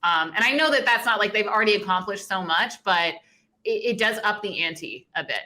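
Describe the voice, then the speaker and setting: Chatty woman sports guest, bright voice. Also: mid-range voice, lively intonation. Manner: chatty, apologetic, quick to laugh. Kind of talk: casual sports talk.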